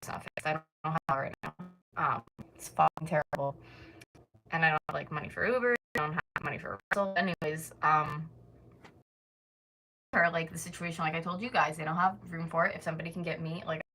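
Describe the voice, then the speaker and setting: Exasperated young woman venting, low voice. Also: brisk, pushed and bright, a little hiss or hum, poor audio. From North America. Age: 20s. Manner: exasperated, venting, swears often, many fillers like "like". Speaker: vlogger. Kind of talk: casual storytime rant.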